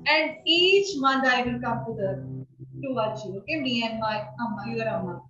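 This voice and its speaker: A woman playing a poor, loving father in an amateur classroom skit, speaking softly and haltingly. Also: on the high side, close to an everyday voice. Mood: pleading. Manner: pleading, soft and halting. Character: poor, loving father giving away his daughter. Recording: distant, roomy, dull sound.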